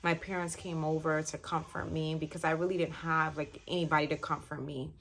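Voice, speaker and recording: A woman's voice: deep voice, flat delivery, a little fast, vocal fry, fairly bright tone. A young woman telling a personal story in a candid, rambling way, with many fillers and restarts. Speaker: vlogger telling her story.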